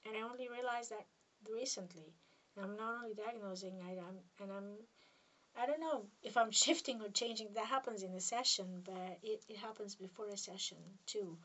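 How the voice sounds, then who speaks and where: A woman from Serbia with a Serbian accent, a spiritual healer talking to camera in a hesitant, halting way that keeps dropping into soft near-whispers. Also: medium pitch, distant mic. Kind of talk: casual monologue to camera.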